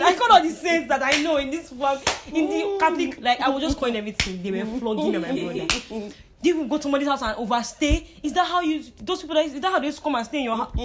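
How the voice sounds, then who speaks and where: A young Nigerian woman telling stories in a casual chat. She mixes in pidgin and laughs often. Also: a little high. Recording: crowd chatter in the background.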